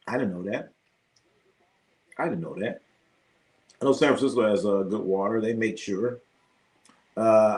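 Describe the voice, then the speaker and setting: A man hosting a live sports stream, chatting loosely with his viewers and swearing freely. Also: on the low side. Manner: loose, profane, reacts to chat. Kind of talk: casual live-stream chat.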